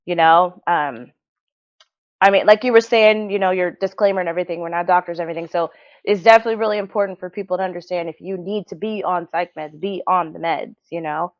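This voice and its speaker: A woman with a fairly low voice talks fast as a podcast guest, sharing a personal story in a casual interview. She comes across earnest, heartfelt, and reflective, and the sound is dull and lo-fi.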